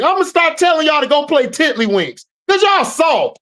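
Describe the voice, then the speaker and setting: Animated trash-talking woman host. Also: high-pitched, moderate pace, few pauses. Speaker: show host, sports commentator. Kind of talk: casual sports commentary.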